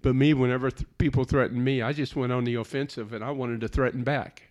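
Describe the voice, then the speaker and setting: A man's voice: medium pitch, fairly even intonation, quick pace, darkish tone. A man telling a personal testimony in an earnest, plainspoken storytelling way. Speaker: speaker giving a personal testimony.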